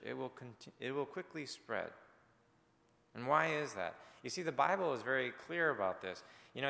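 A male pastor delivering a sermon, talking to his congregation in an earnest, conversational way. His voice has a gravelly edge, sits at a middle pitch, and trails off into the long reverb of a church sanctuary. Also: sharp tone.

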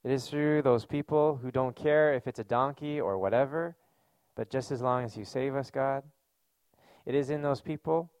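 Man preaching with a gravelly edge. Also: medium pitch, darkish tone, dry recording. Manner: conversational, earnest preaching with casual fillers. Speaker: pastor. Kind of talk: sermon.

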